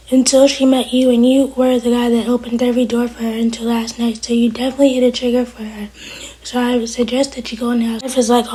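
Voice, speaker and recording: Woman, TV episode reviewer, casual recap, retells scenes with quoted lines, often whispers, slightly high pitch. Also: dark tone, husky, rough recording.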